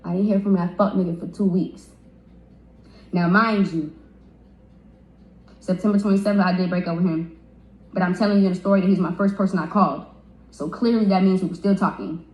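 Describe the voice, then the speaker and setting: A woman's voice: on the low side, steady tone, fairly quick, pauses often, a little mellow. A young woman telling a story on a livestream, stumbling and repeating words as she gets upset. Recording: roomy echo.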